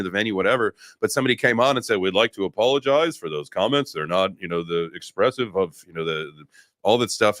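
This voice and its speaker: A man's voice: fairly low pitch, a bit bright, dry recording, studio quality. A man hosting a casual crypto livestream, talking loosely with restarts and the odd curse. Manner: loose, swearing, rambling with restarts. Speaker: livestream host.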